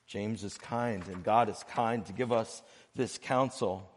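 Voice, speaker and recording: Earnest male pastor preaching in reverb. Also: on the low side. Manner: earnest, with phrases broken by pauses and swings between soft and loud. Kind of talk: sermon. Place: church sanctuary.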